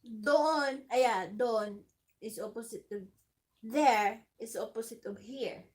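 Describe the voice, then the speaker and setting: A woman's voice: fairly high pitch, slow pace. A woman from the Philippines co-hosting a casual livestream, speaking in brief interjections. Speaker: livestream co-host.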